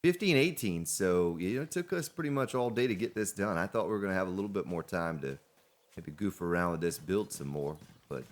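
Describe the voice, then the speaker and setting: A man with a very low voice talks through his game in loose, casual commentary. He rambles and often addresses himself as he works. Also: animated, a little fast. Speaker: gaming let's play host.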